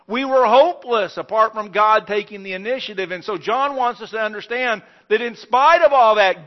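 A man preaching a sermon as pastor, emphatic, swinging between loud stressed phrases and quiet ones. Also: high voice, highs cut off.

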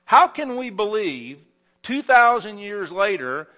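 A man preaching a sermon as pastor, emphatic, swinging between loud stressed phrases and quiet ones. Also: sits high, big pitch swings, slow pace, highs cut off.

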